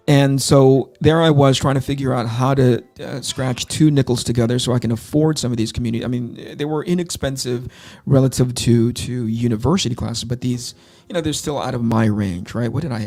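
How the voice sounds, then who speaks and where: Mellow-voiced man telling candid stories. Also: medium pitch. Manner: candid, self-deprecating anecdotes with many restarts. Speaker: comic artist hosting a launch stream. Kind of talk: casual storytelling.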